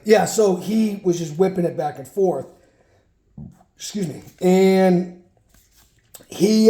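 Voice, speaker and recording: A man's voice: a little high, warm tone, echoey room. A man casually telling a rambling childhood story while sorting through a card collection, breaking off for muttered asides.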